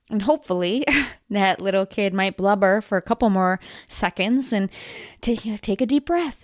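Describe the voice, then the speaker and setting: A woman hosting a solo self-help podcast, coaching listeners in a deliberate, encouraging and gently playful way. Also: medium pitch, dry recording, clean studio sound. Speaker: podcast host.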